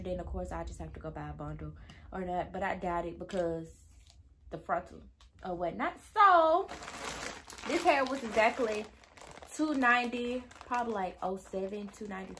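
A woman's voice: a little high, a bit bright, slight background noise. A young woman telling a casual storytime to her viewers, chatty and easily sidetracked, acting out quoted dialogue. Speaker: vlogger.

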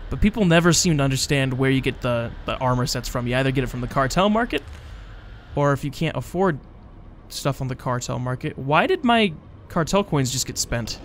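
A man's voice: mid-range voice, fairly quick, a bit bright, slight background noise. A tired young man rambling casually while playing a game, yawning and mocking his own stumbles. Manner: rambling, self-mocking, drowsy. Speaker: gaming channel host. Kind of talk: casual let's-play commentary.

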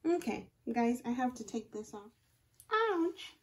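A woman's voice: a little high, a little slow. A young woman vlogging to viewers and talking herself through a wig install, exclaiming and narrating each step, recorded on a phone camera. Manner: excitable, exclaiming, narrating her own actions to viewers. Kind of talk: casual self-talk while doing a wig install.

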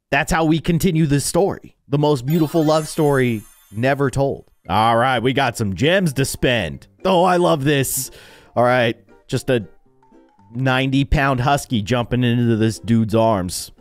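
Young guy goofing around over a game, voice bouncing all over, some music behind. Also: medium pitch. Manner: goofy, laughing, animated reactions. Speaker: gaming YouTuber. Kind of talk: playful gameplay commentary.

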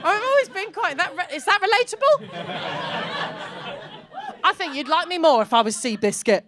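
A woman in her thirties doing a bawdy stand-up comedy set on a club stage, acting out characters and breaking into shouts. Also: very high-pitched, expressive, moderate pace, crowd noise, noisy background. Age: 30s.

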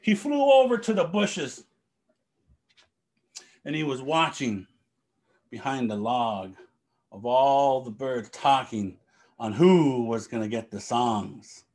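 A man telling a traditional story to young people, animated, with spoken sound effects. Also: mid-range voice, slow, long pauses.

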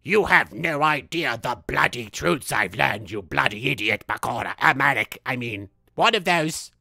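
A sneering, contemptuous young rival, put on by a man in a mocking impression, dropping low and dripping scorn. Bright edge, dry close sound. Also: expressive, normal speed, gravelly, no echo, exaggerated voice.

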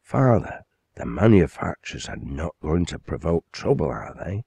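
A man voicing a composed, concerned young woman in an audiobook, in a gentle, low, only lightly changed voice. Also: big pitch swings, moderate pace, vocal fry, husky, no room sound, exaggerated voice. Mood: calm. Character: calm concerned young woman, his daughter.

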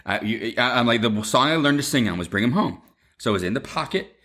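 Brief: man, swearing storyteller on a video call, bright and animated. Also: mid-range voice, fast talker, slightly rough. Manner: animated storytelling, swears freely, acts out quotes. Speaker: son, former Broadway performer.

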